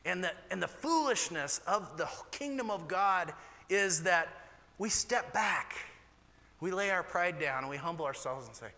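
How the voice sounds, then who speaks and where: Animated pastor preaching in a reverberant hall. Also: male voice, measured pace. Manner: candid, animated preaching with sudden rises in pitch. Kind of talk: sermon.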